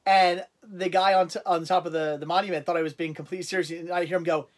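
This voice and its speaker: A man hosting a casual livestream, telling stories in a rambling, animated way with lots of restarts. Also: sits high, quick pace. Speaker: livestream host.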